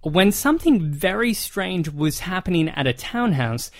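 Higher-voiced man telling a history tale. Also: lively intonation, unhurried. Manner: narrates a ghost tale, reads newspaper quotes aloud. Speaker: podcast co-host. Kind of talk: conversational history storytelling.

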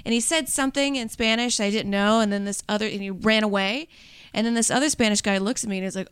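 A woman's voice: mid-range voice, fast, clean tone. A woman co-hosting a podcast, chatting casually and telling stories with acted-out quotes. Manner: animated storytelling with acted quotes. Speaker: podcast co-host. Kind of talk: casual chat.

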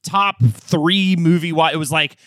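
A rambling man co-hosting a podcast, stumbling through fillers. His voice is bright and smooth, a little higher than most men's, recorded dry and close. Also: unhurried, dry recording. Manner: rambling, full of fillers and restarts. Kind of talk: casual comedic chat.

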